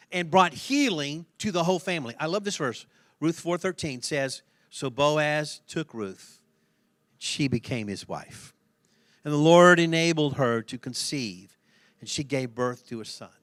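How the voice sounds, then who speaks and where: A middle-aged man pastor preaching a sermon in an animated, conversational way, laughing often and repeating himself for emphasis. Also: a little high, no room sound.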